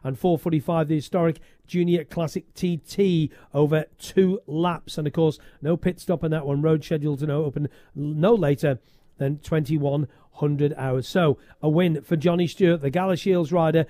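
A man commentating on a motorbike road race for radio, briskly reading out results and finishing positions. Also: fairly high pitch, steady tone, dark tone, no echo, clean studio sound. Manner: brisk, reads results in quick lists. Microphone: studio commentary box mic.

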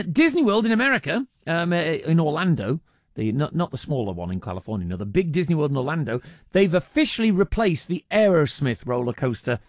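Chatty male radio presenter, lively pitch. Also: dry recording, clean studio sound. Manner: chatty, lots of ums and uhs, reads out listener texts. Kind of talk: casual radio chat. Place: radio studio. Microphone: studio microphone.

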